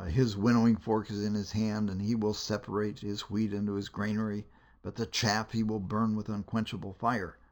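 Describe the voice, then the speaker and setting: A man giving a teaching lecture on biblical storytelling, measured and deliberate, pausing with hesitations between phrases. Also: fairly low pitch, a little mellow. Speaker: Bible lecturer.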